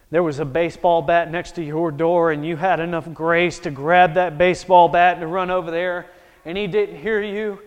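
A male preacher delivering a sermon as a dramatic story, swinging from hushed to loud. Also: sits high, smooth. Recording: echoey hall.

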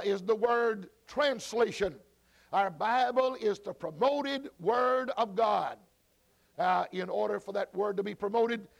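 A man with a high voice and vocal fry leads a church Bible study, speaking slowly and repetitively with frequent fillers, repeated words, and restarts. He also calls out to people at the back of the room.

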